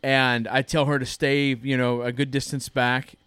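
A man's voice: medium pitch, level tone, moderate pace, fairly bright tone, smooth, no room sound. A man in his thirties hosting a church podcast, telling a story in a casual, earnest way. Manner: earnest storytelling, frequent restarts. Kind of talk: casual chat.

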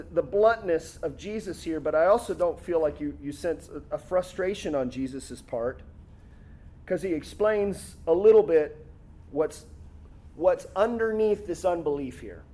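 Animated high-voiced male preacher. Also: a little slow. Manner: animated, conversational preaching with laughs and quoted voices. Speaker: pastor. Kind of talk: sermon.

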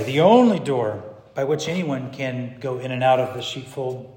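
A man pastor preaching a sermon, swinging from hushed, low passages to loud, emphatic declarations. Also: animated, moderate pace, hardly any pauses, reverberant, in a large hall.

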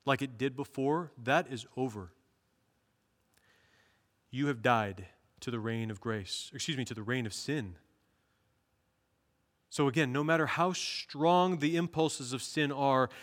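A man's voice: mid-range voice, a bit bright, long reverb tail. A male pastor preaching a sermon in an earnest manner, rising to emphatic bursts.

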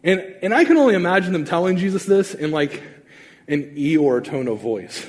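Pastor, male, lively storytelling sermon delivery, slightly higher voice, echo of a large hall. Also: normal speed. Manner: animated, conversational, acts out quotes. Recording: long reverb of a large hall.

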